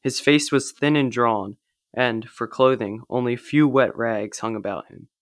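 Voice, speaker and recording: Man, steady reflective story reading, dry close sound, middle pitch. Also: a little slow, no room sound. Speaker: liturgy reader. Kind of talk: reading aloud a story in a service.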